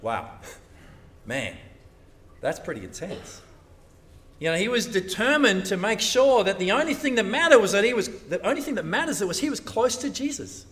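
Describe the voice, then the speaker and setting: An animated man preaching a sermon, his bright voice swinging widely up and down as he acts out what churchgoers might say. He sits a little back from the microphone, so his voice carries some distance. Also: sits high, normal speed.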